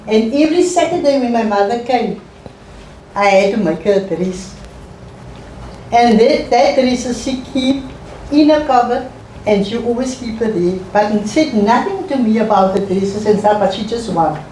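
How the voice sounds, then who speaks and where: A middle-aged woman, an interview guest telling her life story in a halting, emotional way and repeating phrases. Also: fairly high pitch, expressive, mellow. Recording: echoey room, voice far from mic, faint noise.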